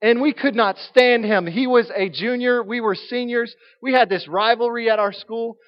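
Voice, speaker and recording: A man preaching a sermon, telling a humorous story in an animated way. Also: very high voice, normal speed, muffled recording.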